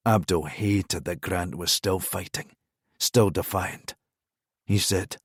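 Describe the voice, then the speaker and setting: A man narrating a crime thriller audiobook in a measured, even-toned reading. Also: deep voice, husky, dry recording, clean studio sound. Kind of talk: scripted narration.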